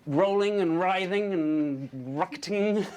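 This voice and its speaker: A man pitching storyboards, narrating the action vividly and adding his own sound effects. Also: slow, noisy background.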